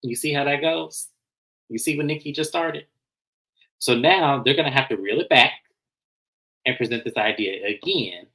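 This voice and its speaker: A man casually recapping and reviewing a reality TV episode, animated and slangy, acting out what people said. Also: medium pitch, normal speed, long pauses, poor audio. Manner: animated, acts out quotes, slangy.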